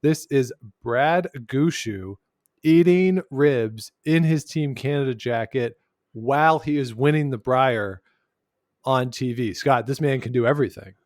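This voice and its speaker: A talkative man co-hosts a casual podcast, joking along with easy filler "uh"s. His voice sits at an ordinary middle pitch. The sound is close and dry. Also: measured pace, a little mellow, dry recording. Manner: chatty and jokey, with filler "uh"s. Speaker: podcast co-host. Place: lives in Canada's capital.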